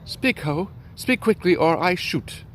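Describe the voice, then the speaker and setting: Wary soldier on night watch, read by a man, slow and earnest, faint outdoor noise. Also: high-pitched, animated, pitched above the performer's own voice, low-quality recording.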